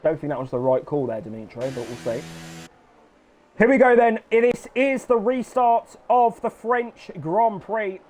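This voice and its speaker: A young man commentating an online racing league, frantic and sweary, shouting when cars crash. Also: sits high, expressive, moderate pace, few pauses, slight background noise. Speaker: race commentator. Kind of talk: excitable sim racing commentary.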